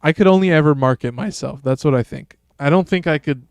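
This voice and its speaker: A man's voice: a little high, a little fast, smooth, no echo. A man streaming a game, chatting casually and rambling in a laid-back, slangy way. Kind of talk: casual gameplay commentary.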